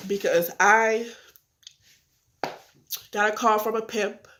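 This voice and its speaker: A young adult vlogger, eighteen, talks earnestly and candidly to her viewers about her life, upset but keeping her tears in check, and acts out phone calls along the way. Her medium-pitched voice is steady and a bit bright, with a slow pace, against slight background noise. It's a casual confessional vlog.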